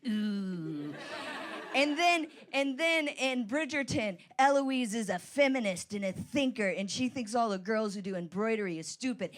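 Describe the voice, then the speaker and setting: A woman co-hosting a live comedy podcast onstage, telling stories in an excitable, ranting way. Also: mid-range voice. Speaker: guest co-host. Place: comedy venue stage before a live audience.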